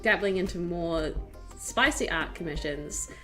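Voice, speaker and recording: A woman streamer chatting casually, telling stories in an animated, giggly way with lots of fillers. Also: fairly low pitch, unhurried. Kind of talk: casual chat. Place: home streaming setup. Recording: faint music behind.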